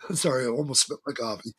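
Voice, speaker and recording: A man's voice: medium pitch, a bit bright, husky. A man talking as a guest on a talk show, telling stories in a folksy, emphatic way with religious turns of phrase. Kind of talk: casual talk-show interview.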